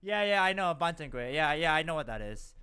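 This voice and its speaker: A man's voice: on the high side, a little fast, smooth. A young man, chatting animatedly while streaming a game. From Malaysia. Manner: chatty, animated, laughs often. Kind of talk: casual gameplay commentary.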